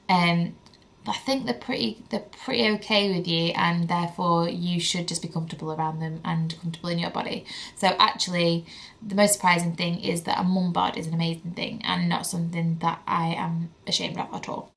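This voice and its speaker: A woman's voice: fairly low pitch, fairly bright tone. A young woman, chatting candidly to camera as a vlogging mother, with lots of "like" fillers. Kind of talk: casual chat to camera.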